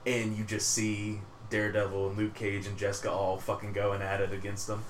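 A man co-hosting a casual podcast, animated and quick to laugh, swearing freely as he chats. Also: lowish voice. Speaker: podcast co-host. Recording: roomy room with faint background noise.

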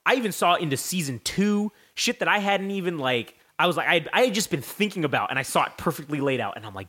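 A man's voice: a little high, fast talker, few pauses. A young man hosting a podcast, telling a long story in a casual, profane way and acting out voices as he goes. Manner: animated, profane, acts out voices in his story. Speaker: podcast host.

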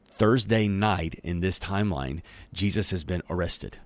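A low-voiced man teaching a Bible chapter in a relaxed, conversational way, using folksy slang. The sound is dry and close. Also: measured pace, no echo. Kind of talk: casual Bible teaching and reading.

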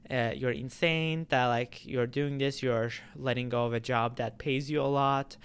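A man's voice: medium pitch, fairly even intonation, normal speed, clean tone. A man who runs a YouTube channel, talking casually to his viewers in a rambling way, with many fillers and restarts. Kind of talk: casual vlog talk to camera.

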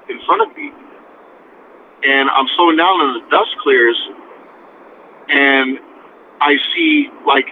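Young man, border upbringing, swearing storyteller, raised voice, tinny phone-like line, faint hiss. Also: fairly high pitch. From near the US-Mexico border. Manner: profane, animated, acts out quoted voices. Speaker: guest telling a story. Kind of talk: casual storytelling chat.

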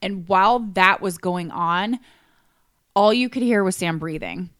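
Smooth-voiced woman chatting true crime. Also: mid-range voice, a little slow, fairly bright tone, dry recording, clean studio sound. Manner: chatty, many likes and restarts. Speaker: podcast co-host. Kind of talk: casual true crime chat.

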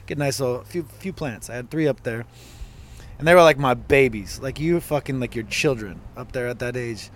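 A man co-hosting a podcast, telling an animated story in casual chat with lots of swearing. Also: mid-range voice, brisk. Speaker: podcast co-host.

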